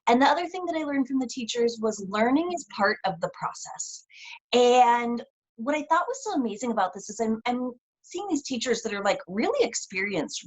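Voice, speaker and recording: A woman's voice: on the high side, expressive, normal speed, husky, low-quality recording. A woman co-hosting a deathcare webinar over a video call, talking in an earnest, reflective way with many fillers. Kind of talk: casual panel chat on video call.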